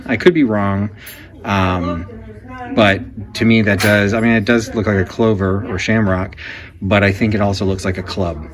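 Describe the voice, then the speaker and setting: A man giving conversational walk-through commentary while browsing an antique shop, explaining items with frequent fillers. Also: on the low side. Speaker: antique reseller vlogger. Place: antique shop in a Victorian house.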